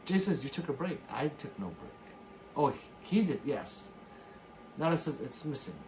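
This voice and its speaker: Animated man reading stream chat. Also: fairly high pitch, normal speed, a little hiss or hum. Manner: reads chat messages aloud and jokes back; animated, bursts into laughs and shouts. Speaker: livestream host reading chat. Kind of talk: casual late-night stream chat.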